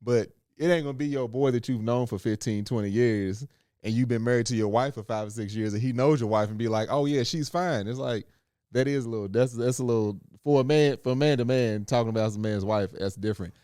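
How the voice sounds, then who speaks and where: Brief: laid-back male podcast co-host, mid pitch, dry close sound. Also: a little fast, mellow, clean tone, dry recording. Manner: laid-back, laughs while acting out quotes. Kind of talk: casual chat.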